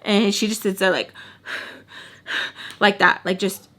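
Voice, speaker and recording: A woman's voice: mid-range voice, flat delivery, fairly quick, bright, forceful tone. A woman in her twenties telling a story in a casual, chatty way, filling her sentences with "like". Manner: chatty, peppered with "like", acts out quotes. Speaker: storytime vlogger.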